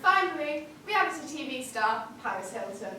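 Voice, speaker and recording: A young woman playing a game-show quizmaster in a stage sketch, with a bright announcer delivery. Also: sits high, very animated, normal speed, exaggerated voice. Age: young adult. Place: student theatre stage. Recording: echoey hall from far off, noisy.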